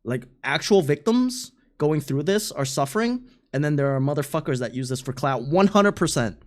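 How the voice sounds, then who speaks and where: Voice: medium pitch, animated, normal speed. A streamer giving loose, casual live reaction commentary, often laughing and swearing.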